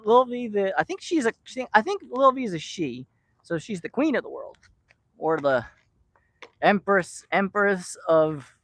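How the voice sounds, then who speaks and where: Male cat-rescue vlogger, rambling and affectionate, very animated pitch. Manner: rambling, affectionate, talks to the cats by name with playful teasing. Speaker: vlogger feeding rescued street cats. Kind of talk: casual chat to camera and to cats. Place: outdoors by a shipping container.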